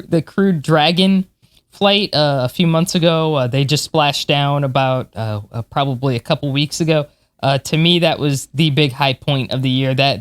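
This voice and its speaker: A woman's voice: low voice, dry recording. A woman in her forties, a podcast co-host and space historian, talking in an enthusiastic, chatty way. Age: 40s. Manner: enthusiastic, chatty, laughs often. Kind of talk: casual chat.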